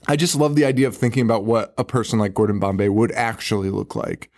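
A man's voice: fairly low pitch, quick pace, darkish tone. A man co-hosting a podcast, recapping a horror movie in casual chat, swearing freely and laughing often. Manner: profane, laughing, retells scenes in mock voices. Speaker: podcast co-host.

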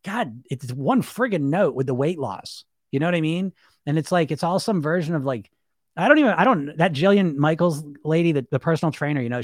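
A man with a fairly high voice talks off the cuff on a live stream, coaching listeners about weight loss. He rambles and presses his points hard, laughs often and slips into mocking imitations. The sound is dry and close, with no room around it. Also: dry recording. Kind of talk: casual live-stream talk.

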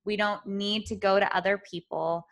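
A woman's voice: medium pitch, fairly even intonation, normal speed. A woman hosting a podcast interview, talking in a reflective, rambling way full of "you know" fillers. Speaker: podcast host. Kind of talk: conversational interview.

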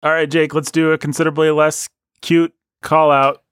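A man hosting a podcast in casual chat, playful and quick with lists of names. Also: a little high, little pitch movement, a bit bright, smooth, dry recording, clean studio sound. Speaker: podcast host.

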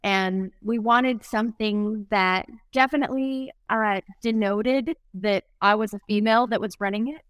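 A woman's voice: medium pitch, measured pace, hardly any pauses, a bit bright, clear, resonant tone, dry recording. A woman founder of a barbecue brand, chatting casually in an interview and laughing often.

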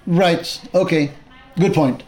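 A man teaching a Torah class, retelling a Bible story with animated storytelling and Hebrew terms mixed in. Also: fairly high pitch, takes it slowly, a crowd in the background.

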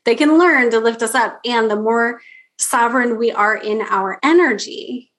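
Podcast host, woman, slightly high voice, loose rambling delivery with many fillers. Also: moderate pace, a bit bright. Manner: rambling, enthusiastic, lots of fillers. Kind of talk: casual conversational interview.

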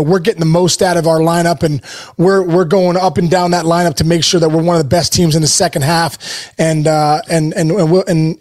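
Enthusiastic rambling man, slightly high voice. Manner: rambling, many restarts and "you know" fillers; enthusiastic, emotional. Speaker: interview guest, baseball hitting coach. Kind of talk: casual interview.

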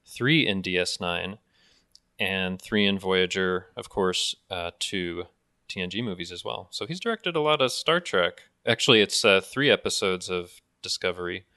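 A man co-hosting a casual podcast, chatting quickly and reading listener feedback aloud. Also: deep voice, expressive, pushed and bright, no room sound, studio quality. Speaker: podcast co-host.

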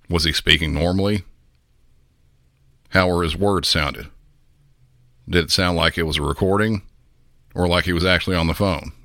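A man from the Southern United States hosting a podcast, talking in a measured, instructive way and putting questions to the listener. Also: a bass voice, sharp tone, no echo, clean studio sound. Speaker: podcast host.

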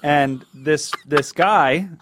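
A man co-hosting a comedy podcast, telling a story in a lively, animated way and acting out the quotes. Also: on the high side, drawn-out words, noisy background. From Long Island. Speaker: podcast co-host. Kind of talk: casual comedic chat.

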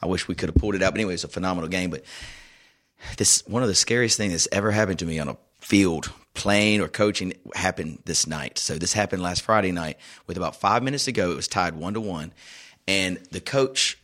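A man and youth soccer coach chatting casually as co-host, telling a story with lively acted-out quotes. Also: sits low, brisk. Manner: animated storyteller, acts out quoted voices. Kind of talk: casual chat.

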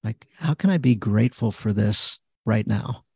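Brief: male guest, gravelly, mellow and dark, dry close sound, storyteller. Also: on the low side, moderate pace, no room sound. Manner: storytelling, acts out his own prayers and dialogue. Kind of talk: casual podcast conversation.

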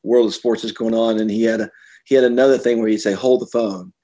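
A middle-aged man, an author being interviewed, telling personal stories earnestly and getting animated when he quotes others. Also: lowish voice, fast. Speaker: author and guest. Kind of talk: conversational interview.

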